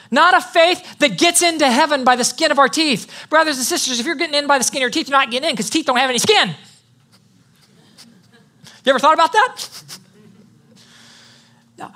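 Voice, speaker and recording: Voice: mid-range voice, pushed and bright. A pastor giving an emphatic sermon, reading scripture aloud and calling on the congregation to answer back. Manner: emphatic preaching with call-and-response; reads scripture aloud between remarks.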